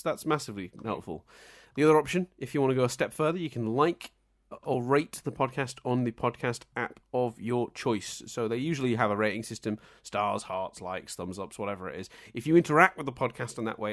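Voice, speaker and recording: A man's voice: medium pitch, a little fast, a bit bright. A man hosting a podcast in casual, jokey, chatty talk. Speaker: podcast host.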